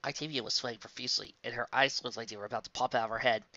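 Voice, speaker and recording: A woman reading a fan fiction story aloud as narrator, in a plain, steady reading voice. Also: a bass voice, very fast, no echo, highs cut off.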